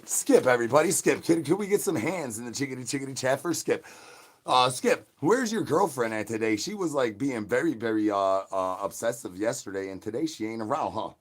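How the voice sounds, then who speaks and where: A man hosting a phone livestream in a crude, slang-heavy ramble, repeating rhyming catchphrases and swinging between loud bursts and low mutters. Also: lively intonation, brisk, breathy edge. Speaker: livestream host. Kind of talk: rambling live stream chat.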